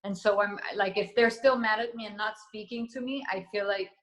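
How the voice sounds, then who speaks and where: A woman who is a podcast guest, talking earnestly and confessionally in casual chat, with halting restarts. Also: medium pitch, steady tone, low-quality recording.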